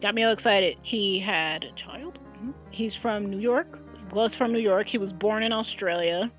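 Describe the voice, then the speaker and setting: A woman's voice: mid-range voice, normal speed, few pauses, soft background music. A young woman vlogger giving casual reaction commentary, chatty and exclamatory.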